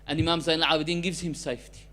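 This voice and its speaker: A man preaching a sermon as a story, with loudness that swings between emphatic lines and soft, hushed ones. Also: on the high side, little pitch movement, very fast.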